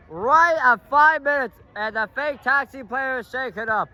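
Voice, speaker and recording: A very high-pitched man with a bright, piercing tone calls a match from the sideline of an outdoor field. He talks slowly between bursts, then shouts at big plays and yells to the players and the ref. It is recorded on a handheld phone out in the open air. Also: a faint crowd. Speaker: sideline commentator filming the match. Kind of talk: excited amateur play-by-play commentary.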